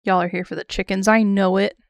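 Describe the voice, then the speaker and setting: A young woman chats on her art stream while she draws, thinking out loud with fillers and small giggles. Her voice is smooth and clear at a middling pitch. The sound is dry and close. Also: little pitch movement, a little fast, no room sound. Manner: chatty, giggly, thinks aloud with many fillers. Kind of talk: casual chat while drawing on stream.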